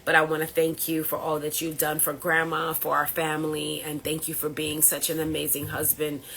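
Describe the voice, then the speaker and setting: A woman's voice: deep voice, monotone, normal speed, fairly bright tone, a little hiss or hum. A woman hosting a livestream as a health coach, speaking emotionally and earnestly while grieving. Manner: earnest, repetitive, pleading at times. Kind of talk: emotional livestream talk to viewers.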